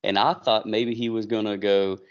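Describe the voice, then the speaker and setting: A man co-hosting a casual chat show, retelling events with animated acted-out quotes. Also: lowish voice, moderate pace. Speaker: podcast co-host. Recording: dull lo-fi recording.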